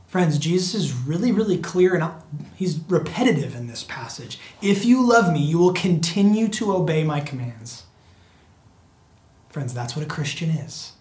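Earnest preacher in an echoey room. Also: medium pitch. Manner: earnest, repetitive, often addresses listeners as friends. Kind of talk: sermon.

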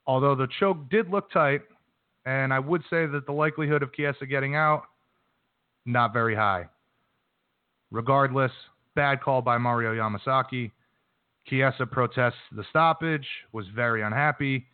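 Casual and brash, a man hosting a combat sports radio show runs through the week's news before he interviews a fighter. His mid-range voice is smooth at normal speed, heard on a dry phone-quality line without echo.

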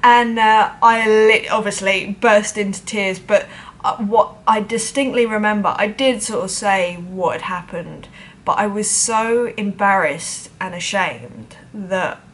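A woman's voice: medium pitch, a little slow, fairly bright tone, slight background noise. A woman drummer telling a personal story to camera in a chatty, self-deprecating way, acting out the voices of other people.

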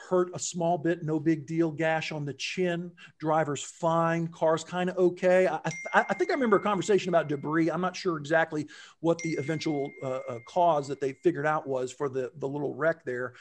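A man telling a story in casual conversation, acting out quotes with lively jumps in his voice. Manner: animated, acts out quotes with big pitch jumps.

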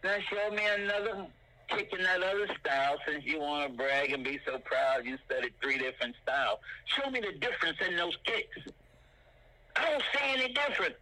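An older man teaches martial arts with real animation, punctuating his points with sound effects like "boom" and "bam." He talks fairly quickly, and the audio quality is poor.

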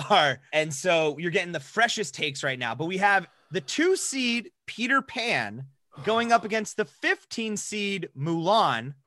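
A man's voice: high-pitched, bright, forceful tone, no room sound, studio quality. A man hosting a casual podcast chat, upbeat, running the segment and laughing along. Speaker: podcast host.

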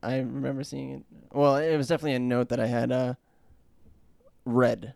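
A man with a gravelly, creaky voice talks casually, pausing and searching for words. He sits at a middle pitch, recorded dry and close. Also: little pitch movement, a little mellow, dry recording. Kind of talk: casual chat.

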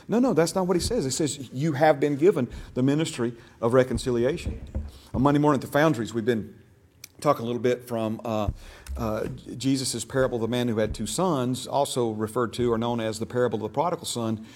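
A man's voice: medium pitch, quick pace, darkish tone. A man teaching a church discipleship class, stressing key words and asking the class questions. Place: church classroom, also streamed online.

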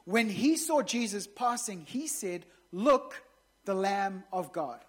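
A woman's voice: medium pitch, lively intonation, slow pace, breathy edge. A woman pastor preaching a sermon in a conversational way, with joking asides to the congregation.

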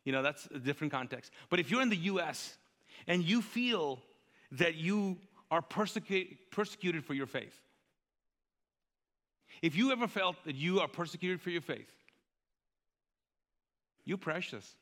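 High, bright-voiced preacher in a hall. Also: male voice, normal speed. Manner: animated, joking preacher who gets louder and higher while telling a story. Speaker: pastor. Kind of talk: sermon. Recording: reverberant hall.

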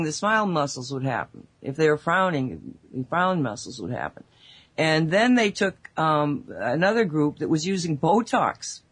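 A woman co-hosting a casual spiritual talk show, telling stories in a rambling, animated way with many asides, speaking over an online call mic. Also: low voice. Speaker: radio show co-host.

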